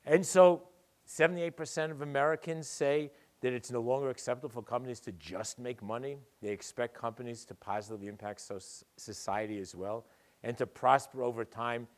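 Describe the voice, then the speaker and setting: Older male keynote speaker, mid pitch, sardonic and punchy. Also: fairly quick. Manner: punchy, sardonic, lively delivery. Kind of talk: conference keynote. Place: dinner event hall.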